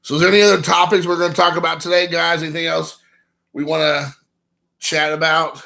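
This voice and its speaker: A man's voice: a little high, level tone, a little fast, creaky, sharp tone. A man, hosting a rambling, joking live stream and chatting with viewers. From Kentucky. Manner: rambling, joking, reading chat aloud.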